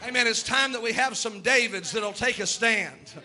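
A man preaching a sermon in a church, impassioned and building to shouts, acting out the voices in his story. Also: very high voice, normal speed. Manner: plays out quoted voices in his telling.

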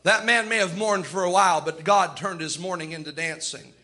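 Fervent male preacher, high and sharp-toned, acting out quotes mid-sermon. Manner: fervent, acts out quoted voices with dramatic pauses.

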